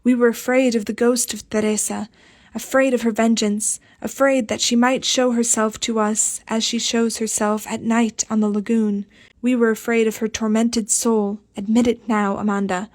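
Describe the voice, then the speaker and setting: A woman voicing a hysterical young woman in an audiobook, strident and accusing, her voice raised and shrill. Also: level tone, normal speed, darkish tone, natural voice. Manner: accusing, frantic.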